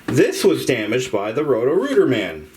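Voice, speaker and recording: A man's voice: mid-range voice, wildly swooping pitch, moderate pace, a little mellow, a little hiss or hum. A man talking casually through a home renovation job in his basement, rambling, frank and a little profane. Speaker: DIY home renovation vlogger. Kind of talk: casual rambling how-to talk.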